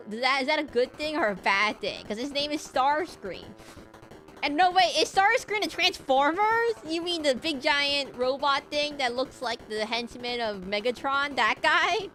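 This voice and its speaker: High-voiced giggly woman streamer. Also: a bit bright. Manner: giggly and rambling, chatting with viewers. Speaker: VTuber streamer. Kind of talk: casual livestream chat while gaming.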